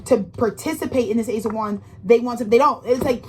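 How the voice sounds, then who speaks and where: Woman, tarot reading, casual monologue, rambling, emphatic, slangy, higher voice. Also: brisk, a little mellow, slight background noise, low-quality recording. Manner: rambling, emphatic and profane, with frequent restarts; slangy, intimate direct address to the listener. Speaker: tarot reader.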